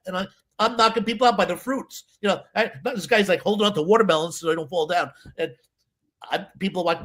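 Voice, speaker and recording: Energetic hypnotist guest, male, slightly higher voice, acts out the characters in his stories. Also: fast talker. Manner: animated storyteller, acts out voices. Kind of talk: casual interview chat.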